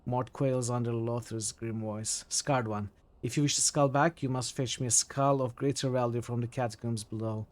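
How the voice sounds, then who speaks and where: A man's voice: medium pitch, fairly even intonation, moderate pace, few pauses, close to an everyday voice. Withered old sorcerer, male, haughty and grim, read aloud by a man streaming a game. A plain read, not a full character voice.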